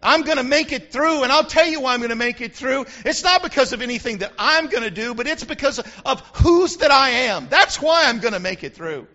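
A male pastor preaches in a very high, bright, forceful voice. He swells into shouts and keeps asking the congregation if they are with him. The recording sounds dull and lo-fi. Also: expressive, fairly quick, few pauses. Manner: preaching with rising shouts and call-and-response. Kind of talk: sermon.

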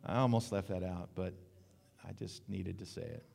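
Joking preacher in a reverberant hall. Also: male voice, low voice, normal speed, gravelly, a little hiss or hum. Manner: lively, joking preacher who acts out quotes. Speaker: pastor. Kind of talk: sermon. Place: church sanctuary.

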